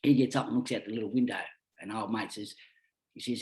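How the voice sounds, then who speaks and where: A man's voice: fairly low pitch, steady tone, quick pace, a little mellow. An Australian man telling rambling stories as a podcast guest, talking bluntly and swearing freely. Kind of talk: casual storytelling.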